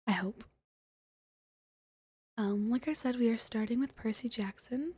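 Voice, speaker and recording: A young woman streaming, reading a book aloud in a soft, hesitant, whispered ASMR style. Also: a little high, unhurried, breathy edge, dry recording.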